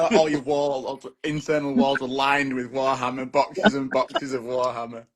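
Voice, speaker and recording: A man's voice: medium pitch, fairly even intonation, brisk, hardly any pauses. A man telling rambling stories and chuckling, chatting on a video call. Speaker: podcast call-in guest. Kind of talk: casual banter on a video call.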